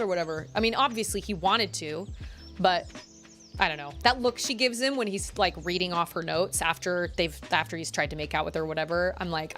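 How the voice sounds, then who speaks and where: A woman streaming a farming game, chatting casually in a rambling way, full of "like"s and quick laughs. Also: lowish voice, a bit bright, soft background music. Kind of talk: casual chat while playing.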